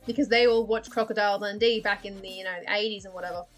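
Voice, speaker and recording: A woman's voice: mid-range voice, fairly even intonation, fast talker, soft background music. A woman chatting casually and rambling while she draws on a livestream, swearing, laughing and putting herself down. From Australia. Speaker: livestreaming artist. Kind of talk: casual chat while drawing on stream.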